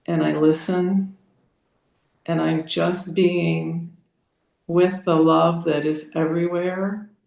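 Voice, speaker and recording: An older woman on a video call, sharing her spiritual reflections slowly, searching for words and restarting her sentences. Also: on the low side, vocal fry, a little mellow. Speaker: group participant. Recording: roomy echo.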